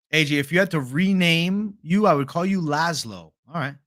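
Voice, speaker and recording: Young guy streaming, swears a lot, reads chat, bit of a high voice. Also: moderate pace, few pauses, a bit bright. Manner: casual, profane, reads chat aloud. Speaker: livestream host. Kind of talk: casual livestream chat.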